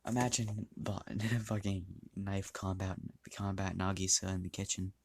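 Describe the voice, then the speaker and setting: A man's voice: sits low, level tone, unhurried, vocal fry, a little mellow, slight background noise. A man casually narrating a fan-made story, rambling, restarting lines and swearing freely.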